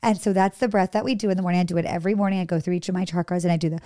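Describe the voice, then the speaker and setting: A woman's voice: on the low side, steady tone, rapid-fire, warm tone, dry recording, studio quality. A woman talking casually and animatedly as a podcast guest, with spiritual words and casual swearing. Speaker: guest, former preschool teacher.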